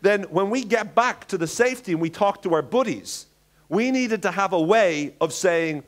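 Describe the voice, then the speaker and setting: A man's voice: high-pitched, expressive, moderate pace. A man giving a seminar talk, telling stories playfully with acted-out voices and laughing asides. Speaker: seminar speaker.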